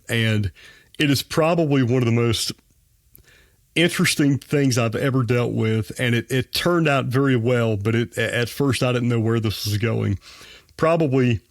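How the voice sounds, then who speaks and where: A man's voice: mid-range voice, dry recording, studio quality. A man, a dentist telling a personal story as a guest on a podcast, folksy and earnest. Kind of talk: personal anecdote in a podcast interview.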